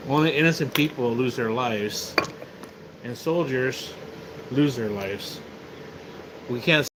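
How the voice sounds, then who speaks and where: A man's voice: mid-range voice, slow, background noise. Rambling man streaming outdoors. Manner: rambling, repeats words, swears when riled. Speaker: live streamer. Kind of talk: casual live stream chat. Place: outdoors near his house.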